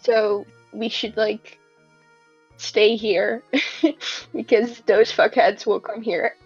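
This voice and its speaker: A woman's voice: medium pitch, fairly even intonation, slow, darkish tone, husky, lo-fi sound, faint music behind. A woman player in a tabletop game, casual and swearing, laughing often. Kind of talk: casual in-character chat.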